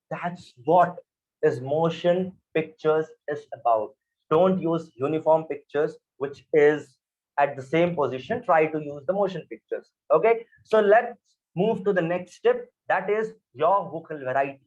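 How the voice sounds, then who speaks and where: A man with an Indian English accent teaching a motivational lesson, emphatic and animated, swinging between loud and soft. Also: on the high side, unhurried, muffled recording. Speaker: spoken English trainer.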